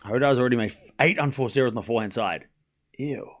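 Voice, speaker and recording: A man's voice: medium pitch, quick pace. Playful Australian man calling tennis live. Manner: playful and joking, reads chat aloud, repeats player names to practise them. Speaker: streamer hosting a live tennis watchalong. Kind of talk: casual live-stream commentary and chat.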